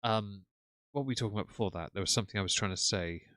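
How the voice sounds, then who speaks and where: A man's voice: lowish voice, racing, a bit bright, smooth, no echo. A man giving sardonic, mocking live-stream commentary to his chat from a home desk microphone. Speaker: streamer reacting to clips. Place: home room.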